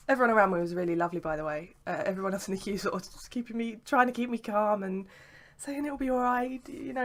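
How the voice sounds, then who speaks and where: A woman's voice: medium pitch, a little fast. Chatty young woman vlogging. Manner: chatty and rambling, lots of "sort of" and "like". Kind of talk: casual chat.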